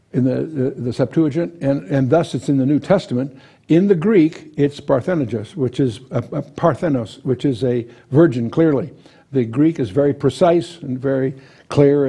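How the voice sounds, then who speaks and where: Husky-voiced man teaching scripture. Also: medium pitch, dark tone. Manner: reads scripture aloud with raised emphasis, then explains conversationally; restarts and repeats words while thinking. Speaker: Bible teacher. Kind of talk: verse-by-verse Bible teaching.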